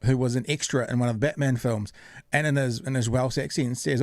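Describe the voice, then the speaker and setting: A man's voice: medium pitch, steady tone, a little fast, dry recording, clean studio sound. A man hosting a podcast in casual chat, rambling and searching for words. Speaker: podcast host.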